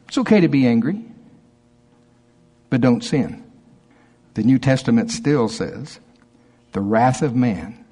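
Animated, husky-voiced man preaching. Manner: animated preaching, voicing objections in a higher pitch. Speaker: pastor. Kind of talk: sermon.

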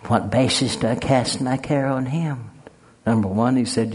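Husky middle-aged male preacher. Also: mid-range voice, moderate pace, a little mellow. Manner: folksy and conversational, swelling to fervent emphasis. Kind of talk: sermon with spoken prayer.

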